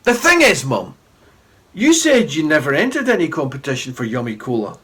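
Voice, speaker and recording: Unlucky schoolboy sleuth, voiced by a man reading aloud: low, confiding, animated. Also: moderate pace, breathy edge, full character voice. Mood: puzzled. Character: unlucky, curious young boy detective.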